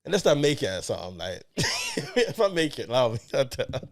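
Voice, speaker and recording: A man's voice: a little high, huge pitch swings, a little fast, vocal fry. A young man co-hosting a film review podcast in casual chat, laid-back and full of "yeah, yeah".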